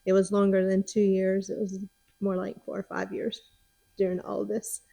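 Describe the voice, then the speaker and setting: A middle-aged woman, a former preschool teacher, gently telling a family story in a relaxed, casual way. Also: medium pitch, moderate pace, vocal fry.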